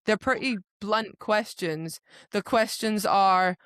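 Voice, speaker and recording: A woman co-hosting a book podcast, animated and exasperated, swearing freely in casual discussion. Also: mid-range voice, slow pace, smooth, no echo, clean studio sound.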